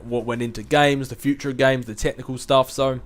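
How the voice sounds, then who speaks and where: A man's voice: medium pitch, fairly even intonation, brisk. A man in his twenties answering viewer questions in a casual chat, rambling, self-mocking and chuckling often. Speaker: gaming video host answering viewer questions.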